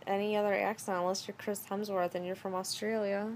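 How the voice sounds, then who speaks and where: A woman's voice: mid-range voice, little pitch movement, fairly quick, a little mellow, slight background noise. A young woman guesting on a casual podcast, blunt and crude, laughing often. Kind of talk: casual chat.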